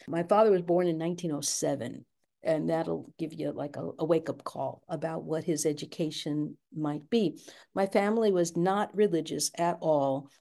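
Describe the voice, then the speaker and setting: An older woman with a low, gravelly, mellow voice speaks candidly in an interview about her family's past. She is reflective and tells the story in her own words.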